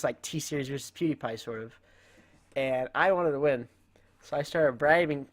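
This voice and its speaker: A man's voice: mid-range voice, a bit bright. A teenage boy hosting his own channel, rambling through stories in a casual way and laughing often at himself. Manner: rambling, with frequent self-amused laughs. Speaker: channel host. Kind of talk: casual storytelling vlog.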